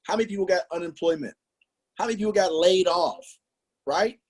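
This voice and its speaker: Husky, animated man giving a sales pep talk. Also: high-pitched, fairly quick. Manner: animated and emphatic, with rhetorical questions and slang. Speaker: business trainer presenting to a team. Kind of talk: motivational sales training talk.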